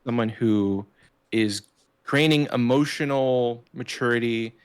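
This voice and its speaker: A man's voice: medium pitch, unhurried, smooth. A man who is a podcast guest, chatting casually with jokes and open emotion. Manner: jokey, emotional, animated. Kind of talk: casual chat.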